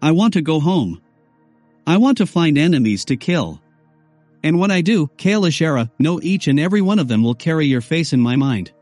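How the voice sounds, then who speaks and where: A woman's voice: deep voice, big pitch swings, brisk, darkish tone, no echo, soft background music. Man voicing a vengeful warrior mother, bitter, words ground out, dry close sound. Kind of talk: audiobook character reading.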